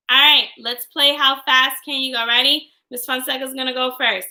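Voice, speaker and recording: A young woman teaching a young class online, singing and chanting phonics in a cheerful sing-song voice with drawn-out words. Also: high voice, fairly even intonation, pushed and bright, poor audio. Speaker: kindergarten teacher.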